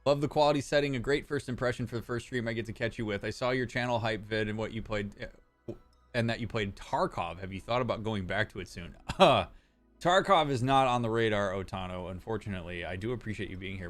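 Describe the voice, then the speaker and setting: A man's voice: fairly low pitch, brisk, faint music behind. A man, a therapist chatting casually on a live stream, reading out chat messages and joking with viewers. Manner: joking, reads chat messages aloud and replies.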